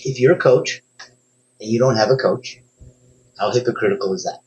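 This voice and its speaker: A man's voice: normal speed, slight background noise. Male coach with a middle-range voice, giving an emphatic motivational talk straight to the listener. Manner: emphatic, speaks straight to the listener, sudden upward pitch jumps.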